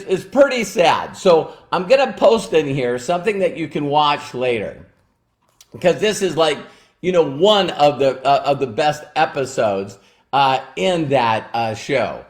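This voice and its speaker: A man giving a motivational talk as a business mentor, emphatic, acting out the people he quotes. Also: fairly high pitch.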